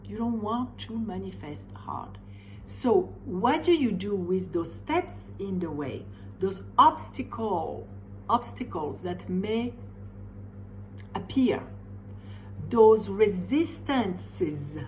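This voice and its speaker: A middle-aged woman with a French accent speaks straight to her viewers in a motivational coaching talk. She leans hard on her key words and repeats short phrases for effect. Her pitch sits in an ordinary middle range, and a faint hiss runs under her voice. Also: expressive, slow, poor audio. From France. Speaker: life coach and tapping practitioner.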